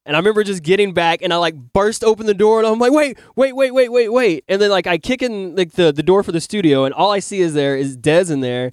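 A man hosting a podcast in casual chat, animated as he acts out his own lines and swears freely. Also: high-pitched, fast talker, hardly any pauses, smooth, no room sound, studio quality. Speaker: podcast host. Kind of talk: casual chat, telling a dream.

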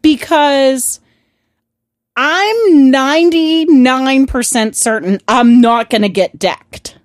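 A woman co-hosting a podcast, telling stories in a chatty, animated way and swearing freely. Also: sits high, slow, no echo, clean studio sound. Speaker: podcast co-host. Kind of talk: casual storytelling chat.

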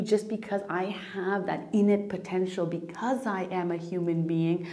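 A woman's voice: on the low side, mellow. A woman hosting a personal spiritual podcast, talking earnestly and emotionally, near tears, often restarting and repeating phrases. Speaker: podcast host.

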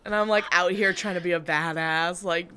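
Young woman, podcast co-host, slightly low voice, reactive, laughs a lot. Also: fairly even intonation, moderate pace, sharp tone, clear, resonant tone. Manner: reactive, laughs often, loose and informal. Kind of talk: casual chat.

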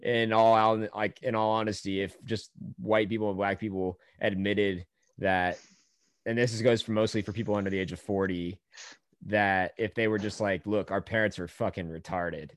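A man's voice: low voice, no echo. A man hosting a podcast in a crude, joking, ranting casual chat. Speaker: podcast host.

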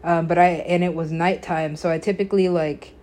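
A woman with a slightly low voice talks through a story on her own podcast. She rambles, leans hard on filler words, swears freely and laughs often as she goes. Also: fairly even intonation, fairly quick, a little mellow. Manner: laughs often while telling. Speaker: podcast host. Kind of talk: casual storytelling monologue.

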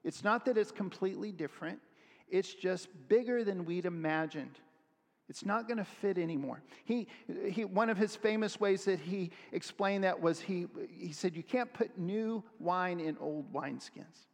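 A man preaching a sermon, reading scripture aloud and acting out the voices of people in it with animated energy. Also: sits high, normal speed, creaky, in a large hall. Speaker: pastor.

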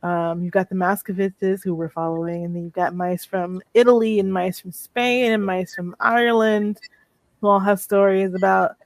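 A woman co-hosting a casual movie review chat, retelling the plot in an animated way and laughing often. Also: mid-range voice, moderate pace, dry recording. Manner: animated storytelling with frequent laughter. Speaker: co-host of a movie review show.

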